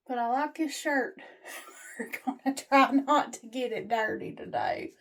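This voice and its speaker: A woman's voice: a little high, lively intonation, unhurried. A woman, giving a casual, homespun, faith-based pep talk to her viewers. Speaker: vlogger. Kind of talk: casual encouraging vlog talk.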